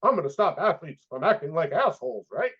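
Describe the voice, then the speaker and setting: A man in his fifties talks through his career as a guest psychologist, acting out quoted conversations as he goes. His voice sits a little high for a man. The audio is muffled and lo-fi. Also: a little fast, husky. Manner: animated storyteller, acts out quoted dialogue. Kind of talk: casual interview storytelling. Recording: dull lo-fi audio.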